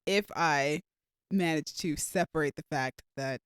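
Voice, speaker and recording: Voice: mid-range voice, a little slow, fairly bright tone, smooth, dry recording, studio quality. A co-host of a casual movie review podcast, talking things through thoughtfully with lots of "like". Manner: thoughtful, hedging with "like".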